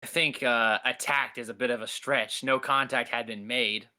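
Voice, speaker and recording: Eager player, man, sharp bright tone, casual game chat. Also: medium pitch, steady tone, moderate pace. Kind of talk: casual tabletop game play.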